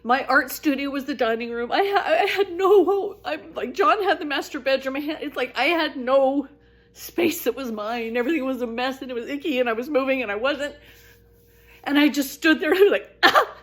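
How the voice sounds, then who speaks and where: Animated, high-voiced woman telling her story. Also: brisk. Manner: animated and expressive, voice rising high when excited; earnest, talkative, with frequent restarts. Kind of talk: casual spiritual storytelling monologue.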